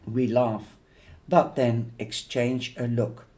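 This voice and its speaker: A man reading a novel aloud in a measured, unhurried way. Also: mid-range voice, a little mellow. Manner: slow, measured, with occasional fillers and restarts. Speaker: audiobook reader.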